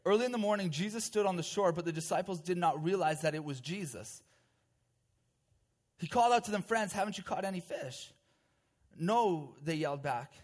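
A male preacher with a fairly high voice delivers a sermon. He retells a scripture passage as a vivid story and mixes in chatty asides to his listeners. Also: a little mellow. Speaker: pastor.

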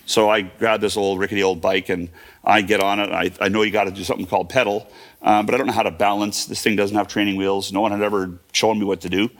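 A man's voice: on the low side, steady tone, quick pace, a bit bright. A man in his fifties telling a personal story in a vivid present-tense retelling, with fillers and restarts. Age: 50s. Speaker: guest.

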